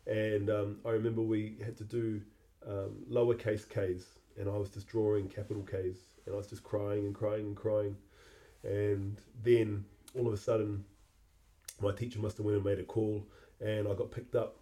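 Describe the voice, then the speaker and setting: A middle-aged man, hosting a podcast and telling a personal memory in a halting, reflective way that often repeats words. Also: lowish voice, level tone, dark tone. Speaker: podcast host.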